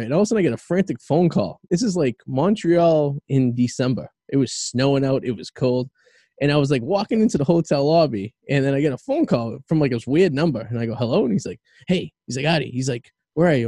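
A man's voice: medium pitch, dark tone, slightly rough, no echo. A man from the Boston area, hosting a podcast and telling profane stories in casual chat, laughing as he goes. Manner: profane, laughing anecdotes with acted quotes. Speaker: podcast host.

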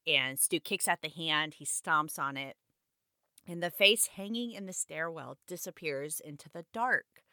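A woman with a low-pitched but sharp, bright voice retells a novel chapter in a casual, chatty way. She drops in personal asides between stretches read straight from the page. The recording is dry and close, with no room sound. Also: a little slow, no echo. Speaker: podcast host. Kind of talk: casual book recap with read-aloud passages.

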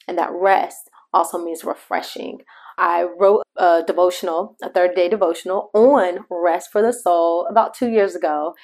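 Woman telling a faith story on a podcast. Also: fairly low pitch. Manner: conversational, storytelling, addresses listeners directly; shifts pace between slow emphasis and quick asides. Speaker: podcast host. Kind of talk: devotional podcast talk.

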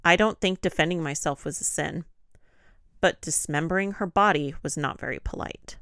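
Low, smooth-voiced woman retelling a case. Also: moderate pace, fairly bright tone, no room sound, studio quality. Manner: heated, retelling with quoted voices. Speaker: podcast co-host. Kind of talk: casual true-crime chat.

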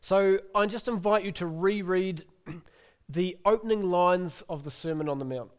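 A middle-aged male pastor preaching a sermon in an earnest, gently inviting way, then closing in prayer. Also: high-pitched, moderate pace, smooth.

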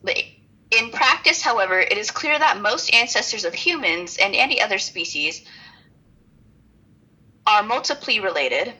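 Woman cohosting a podcast, kinda husky, laughs a lot, jokes about her own notes. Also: medium pitch, animated, moderate pace, pauses often, sharp tone, rough recording. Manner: laughs often, self-deprecating asides. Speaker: podcast co-host. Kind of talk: casual chat, reading notes aloud.

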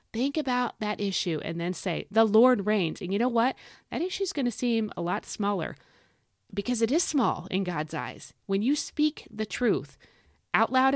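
A woman's voice: mid-range voice, dry recording, studio quality. A woman hosting a devotional podcast, reading a psalm and teaching from it in an earnest, conversational way, repeating key phrases for emphasis and speaking straight to the listener.

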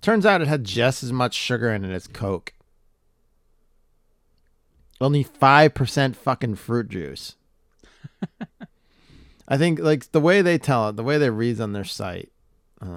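A man co-hosts a podcast in an easygoing, dry-humored way, dropping casual swears. His voice sits at a middle pitch, and the recording is dry and close-miked. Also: sing-song, a little slow, long pauses, no room sound. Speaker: podcast co-host. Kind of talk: casual chat.

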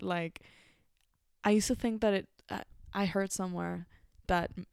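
A woman's voice: medium pitch, steady tone, unhurried, a little mellow, clear, resonant tone, no echo, clean studio sound. A young woman from Mexico hosting a podcast, talking in a casual, reflective, rambling way with lots of fillers and restarts. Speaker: podcast host.

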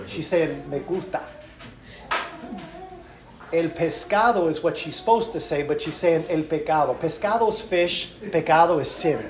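Male missionary preacher, high voice, story-driven sermon, echoey hall. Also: normal speed, hardly any pauses, background noise. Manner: animated, acts out quotes. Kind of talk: sermon with stories.

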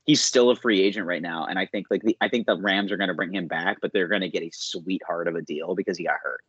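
Husky low-voiced man chatting on a podcast. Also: fast, a bit bright, dry recording, muffled recording. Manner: laughs often, does playful impressions. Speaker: podcast co-host. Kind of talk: casual podcast chat.

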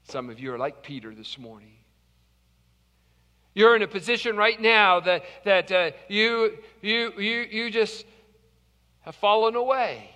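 Bright-voiced pastor preaching dramatically. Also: male voice, sits high, expressive, unhurried, pauses often, long reverb tail. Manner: dramatic storytelling with big swings between loud and hushed. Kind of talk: sermon. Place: church service, live streamed.

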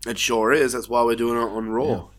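A man with an Australian accent co-hosting a casual podcast while sick with the flu. His voice cracks and turns raspy when he goes low, and he laughs and swears freely. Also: steady tone, normal speed, a bit bright. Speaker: podcast co-host.

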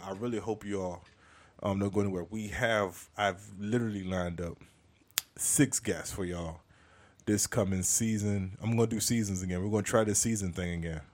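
Deep-voiced man rambling jokingly. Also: a little mellow. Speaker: podcast host and comedian. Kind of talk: casual monologue.

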